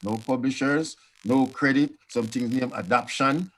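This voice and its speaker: Older Jamaican man, panel guest, animated storyteller, mid pitch. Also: measured pace. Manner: animated, acts out quoted voices.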